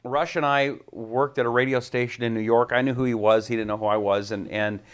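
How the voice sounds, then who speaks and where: A man's voice: mid-range voice, smooth. A man, a radio talk host, telling stories from his career in a casual interview. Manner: rapid, animated anecdotes with quoted voices.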